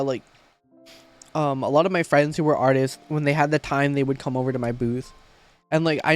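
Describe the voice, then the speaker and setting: A young man streamer in casual livestream chat, rambling and heartfelt, with frequent swearing. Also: fairly high pitch.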